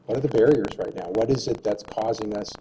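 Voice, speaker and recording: A man leading a public meeting discussion, asking long questions in a measured way. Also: lowish voice, background noise. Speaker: discussion facilitator.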